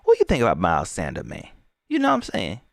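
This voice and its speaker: Lively, slangy man hosting a live stream. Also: on the low side, quick pace, creaky, no room sound, studio quality. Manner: loose, slangy, rambling, lively. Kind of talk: casual live-stream chat giving shout-outs.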